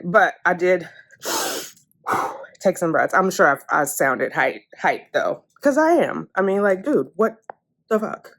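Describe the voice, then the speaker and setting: A young adult woman vlogging in a casual, chatty way about her day. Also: fairly low pitch. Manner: chatty, animated storytelling. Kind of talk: casual vlog chat.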